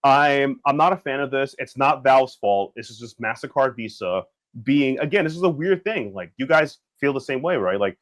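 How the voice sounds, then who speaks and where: A man co-hosting a podcast in casual chat, jokey and animated, now and then slipping into loud bits. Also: mid-range voice, moderate pace, dry recording, low-quality recording. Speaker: podcast co-host.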